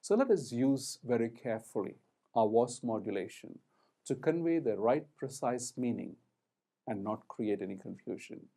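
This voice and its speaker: A man giving a recorded lecture on communication skills, talking in a deliberate, emphatic way and stressing words for effect. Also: mid-range voice, animated, mellow.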